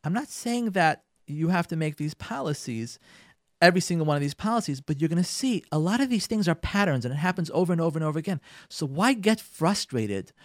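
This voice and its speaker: On his radio show, a man with a fairly high voice coaches couples on marriage, addressing listeners head-on in an emphatic, instructive style. He regularly impersonates what spouses say and repeats words to underline them. The audio is clean studio sound with no room reverberation.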